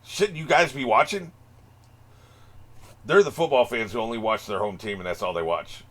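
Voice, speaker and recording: A man's voice: medium pitch, moderate pace, a bit bright. A man hosting an anime reaction video, cracking profane jokes and laughing often in casual commentary. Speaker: anime reaction channel host.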